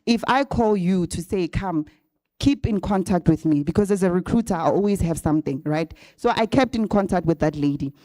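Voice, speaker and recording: Her voice sits on the low side, warm and a little fast, captured in studio quality with no echo. As a guest speaker at a graduate bootcamp, she chats casually through a personal story for the graduates in a live-audience event venue, frequently tossing in "right?" to speak to them directly. She uses a handheld or stand microphone.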